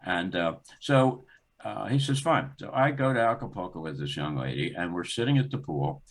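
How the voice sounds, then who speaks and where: An older man speaks in a low, deep voice as an interview guest, recounting a story at an easy conversational pace. He slips into the voices of the people he is describing, pushing his pitch up, and he laughs now and then as he goes. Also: normal speed. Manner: animated, acts out dialogue in the story with rising pitch and laughter. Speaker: guest, former sports executive.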